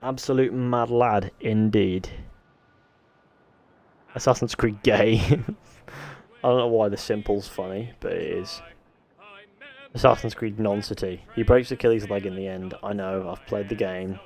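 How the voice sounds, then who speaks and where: A Mancunian man streams a game live, reading out chat messages and riffing on them with easy, rambling jokes. His voice sits on the low side and carries a gravelly fry. He chuckles at the comments as he goes. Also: fairly even intonation, measured pace, long pauses, darkish tone. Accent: Manchester. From northwest England.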